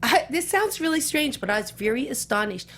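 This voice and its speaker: An actress in an interview, telling anecdotes and acting out other people's lines with sudden jumps in pitch. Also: female voice, fairly quick. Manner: animated, acts out quotes with big pitch jumps. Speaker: guest actress.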